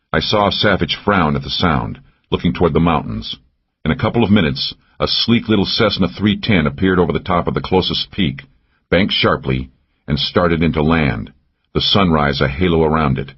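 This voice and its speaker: A man's voice: extremely low pitch, slightly rough, highs cut off. A man narrating a first-person thriller audiobook, tense and driving in action scenes.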